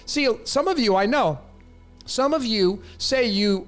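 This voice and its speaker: A man's voice: very high voice, animated, normal speed, gravelly, a bit bright, soft background music. A man hosting a live stream, answering viewer questions in a blunt, emphatic way and often repeating his phrases. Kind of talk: casual live-stream talk.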